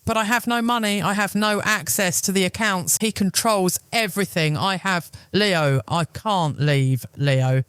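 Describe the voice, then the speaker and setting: A man's voice: high voice, unhurried, hardly any pauses, fairly bright tone, clear, resonant tone, dry recording. A man voicing a frightened young wife with a shaky, pleading way of speaking, in an audio story. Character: distressed young wife, trembling but resolving.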